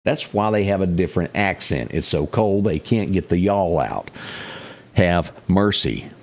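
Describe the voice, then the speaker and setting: A man's voice: sits low, lively intonation, moderate pace, a little mellow. A man with a Mississippi accent presenting a local morning weather report, chatting to viewers with folksy asides. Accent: Southern US, Mississippi.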